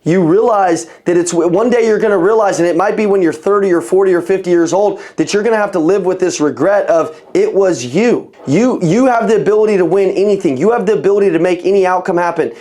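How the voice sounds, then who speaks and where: A man with a notably high voice leads a motivational sales training over a video call. He talks bluntly, swears freely and keeps the energy fired up as he pushes his listeners to outwork everyone. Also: fast talker, hardly any pauses, darkish tone. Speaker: sales coach.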